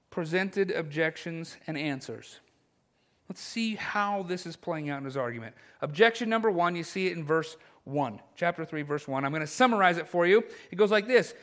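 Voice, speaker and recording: Guy preaching a sermon, kinda high voice, gets loud then goes quiet and earnest. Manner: animated preaching, rising loud on emphasis and dropping soft and intimate. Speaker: pastor.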